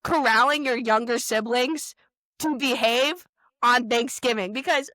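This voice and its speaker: A young woman co-hosting a podcast, telling family stories in an animated way and laughing often. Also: a little high, dry recording, studio quality. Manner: animated storytelling, quick to laugh. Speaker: podcast co-host. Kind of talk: casual chat.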